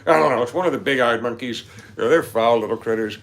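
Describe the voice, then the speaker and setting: Chatting with his audience on a casual livestream, this medium-pitched man talks at a quick clip while reading their comments. He laughs frequently and tends to ramble into nerdy digressions.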